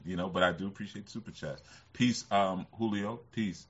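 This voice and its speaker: A man's voice: low-pitched, steady tone, moderate pace, a little hiss or hum. A man hosting a casual livestream who rambles, laughs often and uses a lot of fillers. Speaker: livestream host. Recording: slightly muffled lo-fi sound.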